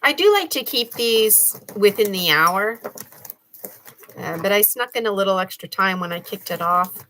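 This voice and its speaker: A woman's voice: medium pitch, expressive, moderate pace, pushed and bright, slight background noise. A middle-aged woman giving a casual gemstone reading, chatty and rambling, with many fillers and restarts. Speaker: spiritual reader.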